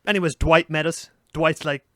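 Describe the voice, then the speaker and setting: A young Irish man co-hosting a podcast, telling a story in casual, animated chat and swearing freely. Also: fairly high pitch, normal speed, no echo, studio quality. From Ireland. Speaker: podcast co-host.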